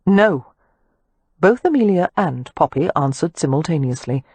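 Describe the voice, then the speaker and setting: A woman narrating an audiobook in an expressive storytelling manner. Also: deep voice, normal speed, breathy edge, no echo. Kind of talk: scripted narration.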